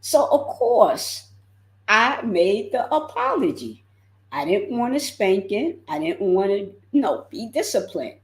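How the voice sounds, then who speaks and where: Slow, expressive woman life coach. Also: fairly high pitch, roomy sound. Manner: expressive, repeats words for emphasis. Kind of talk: motivational livestream talk.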